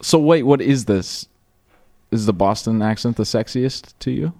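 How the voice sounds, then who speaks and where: A man's voice: mid-range voice, normal speed. A young man hosting a college radio show, chatting casually and jokingly with a guest in the studio. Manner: joking, rambling, animated.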